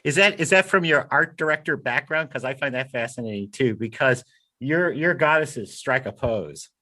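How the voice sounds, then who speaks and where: A man's voice: mid-range voice, expressive, moderate pace, pushed and bright. A man co-hosting an interview podcast, chatting casually with hesitant, self-deprecating jokes. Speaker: podcast co-host.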